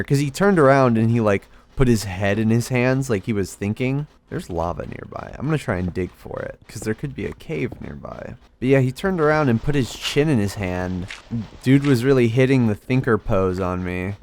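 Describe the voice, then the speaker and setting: A man's voice: medium pitch, expressive, normal speed, darkish tone, a little hiss or hum. A young man rambling through a story while playing a game, hesitant and self-deprecating. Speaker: gaming video creator. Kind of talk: casual storytelling over gameplay.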